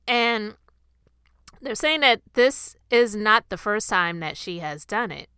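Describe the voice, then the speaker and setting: Woman host, bright and very clear voice, dry close-mic sound, chatty opinion monologue. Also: mid-range voice, animated, takes it slowly, dry recording. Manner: chatty, opinionated, addresses the audience directly. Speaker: host of a commentary channel and podcast. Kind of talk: casual commentary monologue.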